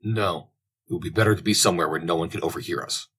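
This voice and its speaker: A man's voice: low voice, quick pace, fairly bright tone, breathy edge. A man voicing a shifty older foreign notary in an audiobook, evasive and ingratiating. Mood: sly.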